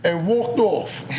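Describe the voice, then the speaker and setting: A man from Harlem tells a story in casual, profane slang, breaking into laughter as he goes. His voice sits high for a man. The recording carries plenty of background noise. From Harlem, New York City. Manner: animated, laughing often, profane street slang. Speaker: guest. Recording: noisy background.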